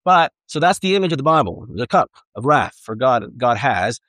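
A man's voice: mid-range voice, very animated, normal speed, fairly bright tone, no room sound. Earnest man preaching a casual sermon. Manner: earnest, conversational preaching with repetitions and restarts. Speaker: pastor.

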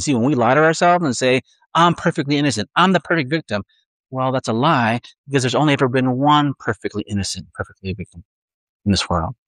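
A man preaching in an easygoing, conversational way, often slipping into acted-out inner voices and restarting phrases. His voice sits at an ordinary middle pitch. The sound is dry and close, with little room around it. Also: no room sound, rough recording. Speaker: pastor. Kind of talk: sermon.

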